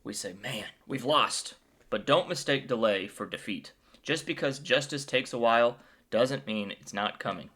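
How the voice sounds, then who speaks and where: His medium-pitched voice is fairly bright, with lively intonation and a normal pace. The Bible video host retells the chapter in a casual commentary, joking around and staying enthusiastic throughout.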